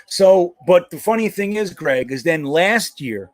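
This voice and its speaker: A man's voice: high voice, animated, measured pace, no room sound. A man hosting a casual live stream, rambling and joking with plenty of swearing. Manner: rambling, profane, jokey. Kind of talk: casual live-stream chat about football.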